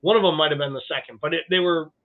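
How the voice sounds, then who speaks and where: A man's voice: a little high, racing. Wry joking man on a tinny line. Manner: wry, joking, profane banter. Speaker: podcast co-host. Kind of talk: casual chat.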